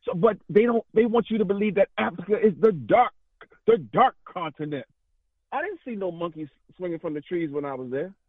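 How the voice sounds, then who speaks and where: A man calls in to a radio talk show over a tinny phone line, his high-sitting voice lively in intonation and a little fast. He speaks in a fiery, rambling, impassioned way and often repeats himself, with a dry recording.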